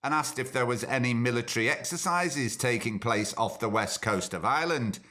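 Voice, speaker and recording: A man's voice: medium pitch, normal speed, bright, forceful tone. A man hosting a podcast as a casual, jokey monologue full of sardonic asides. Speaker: podcast host.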